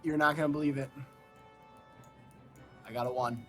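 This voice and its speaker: A man playing in a casual tabletop game, hesitant and fumbling, filling pauses with "uh". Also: medium pitch, steady tone, sharp tone, soft background music. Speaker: player.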